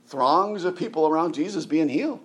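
Middle-aged preacher man, chatty and animated. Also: a little fast. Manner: keeps asking "right?", restarts and repeats words; animated, jumps up in pitch for emphasis. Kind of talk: conversational sermon.

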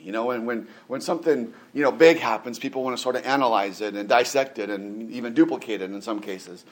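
A man's voice: mid-range voice, a little fast, hardly any pauses. Chatty man preaching a sermon. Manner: conversational, chatty asides with frequent laughs and rhetorical questions. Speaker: pastor.

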